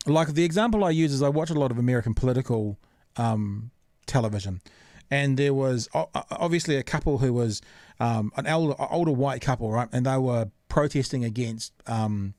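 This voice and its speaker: A man's voice: mid-range voice, moderate pace, darkish tone, no room sound, studio quality. A man hosting a podcast in casual chat, earnest and reasoning things through with fillers and repeats. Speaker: podcast host.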